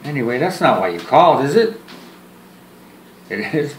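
Speaking at a normal speed in a medium-pitched voice with big swings in pitch, this man films one side of a phone conversation. He jokes, rambles, restarts and repeats words, and teases himself along the way. There's a little hiss or hum in a roomy space with faint ambience.

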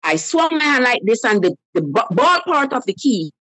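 A woman's voice: fairly high pitch, normal speed, no echo, poor audio. A woman telling a personal story on a call-in show, animatedly acting out the voices of the people in it. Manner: animated storyteller who acts out quoted voices. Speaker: caller.

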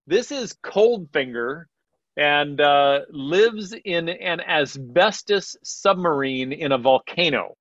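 A man's voice: a little high, expressive, fairly bright tone, dry recording. Chatty man presenting on a panel, dull audio. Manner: chatty, halting restarts, laughs often. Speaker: gallery presenter. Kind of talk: casual panel chat. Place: convention panel stage. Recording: slightly dull, dry audio.

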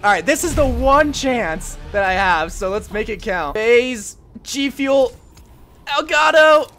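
A young man giving goofy, excitable gameplay commentary into a desk mic, yelling and laughing at his matches. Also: extremely high pitch, takes it slowly, slight background noise. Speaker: gaming YouTuber.

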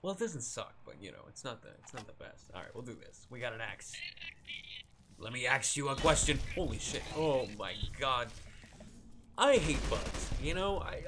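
Against background noise, a young man with a medium-pitched voice rambles through a modded game stream. He is casual and self-deprecating, laughing frequently and letting out swears and yelps at the scares.

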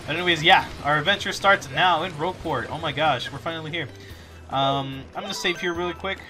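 A man's voice: on the high side, a little fast, bright, forceful tone. A young man hosting a casual let's play, goofy and self-mocking, with game music behind. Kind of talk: casual gameplay commentary.

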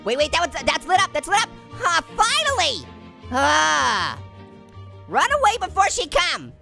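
Figure: Annoying Orange, a squeaky giggling cartoon fruit. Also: male voice, huge pitch swings, a little slow, gravelly, over music, full character voice. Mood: giggly hyper. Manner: giggly, punning, jokey. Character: hyper wisecracking male cartoon orange. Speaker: let's play host. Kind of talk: comedic gameplay commentary.

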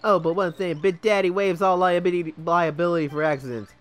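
A man's voice: high voice, sing-song, normal speed, soft background music. A man voicing a laid-back male surfer dude who runs a surf contest, with a put-on accent and breezy slang.

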